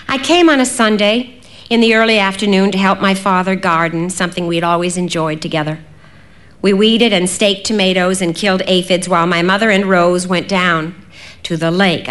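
A young adult woman narrating an audiobook in a measured, reflective way. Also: fairly low pitch, fairly bright tone. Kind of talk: audiobook reading.

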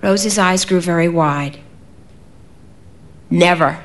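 A young adult woman narrating an audiobook in a measured, reflective way. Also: fairly low pitch, fairly even intonation, a bit bright. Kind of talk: audiobook reading.

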